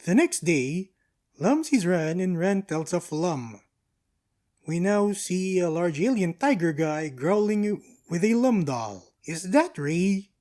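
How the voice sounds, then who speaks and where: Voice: medium pitch, big pitch swings, slow, darkish tone. An anime reviewer giving a casual episode recap, breezy and full of slangy quips and asides.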